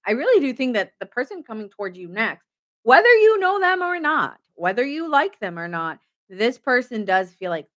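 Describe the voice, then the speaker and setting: A woman's voice: a little high, very animated, moderate pace, a bit bright. A woman giving a casual late-night tarot reading, chatty and goofy, joking often. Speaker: tarot reader.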